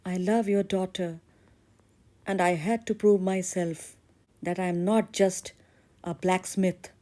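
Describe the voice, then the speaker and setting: Woman doing a humble soft-spoken young blacksmith. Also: lowish voice. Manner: soft, apologetic.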